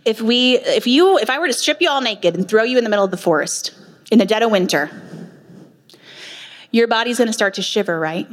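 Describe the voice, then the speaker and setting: A woman's voice: fairly high pitch, expressive, brisk. A woman nurse practitioner giving a passionate faith-based talk at a women's retreat, with emphatic rhetorical questions. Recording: long hall reverb.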